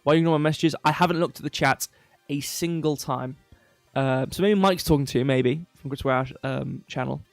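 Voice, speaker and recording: A man hosting a crypto livestream in casual chat, rambling, restarting sentences and reading chat aloud while slowly losing his voice. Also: mid-range voice, gravelly, no echo, faint music behind. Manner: rambling, self-interrupting, reads chat aloud. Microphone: desk mic.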